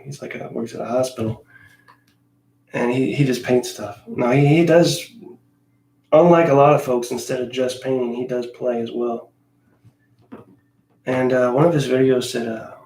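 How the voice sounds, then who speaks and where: A man's voice: medium pitch, a little mellow, roomy sound. A man chatting casually as he paints miniatures, grumbling and making fun of himself. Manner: grumbling, self-mocking complaints; talks in a coaxing sing-song to his cat. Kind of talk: casual chat while painting.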